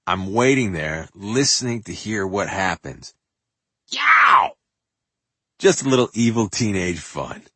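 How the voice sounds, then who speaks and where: An older man from New York reading his own memoir in an animated, profane way, with loud bursts and hushed asides. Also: low voice, moderate pace, hardly any pauses, breathy edge, dry recording. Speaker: memoir narrator. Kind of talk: audiobook memoir narration.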